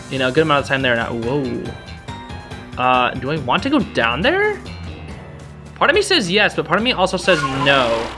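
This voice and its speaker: A young adult host giving chatty, excitable blind let's-play commentary and talking to the creatures on screen. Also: mid-range voice. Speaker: gaming channel host.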